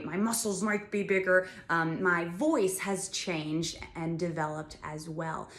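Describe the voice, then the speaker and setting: A woman's voice: on the low side, fairly bright tone, echoey room. A woman teaching a music lesson to young children, talking and singing patiently and explaining each step. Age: adult.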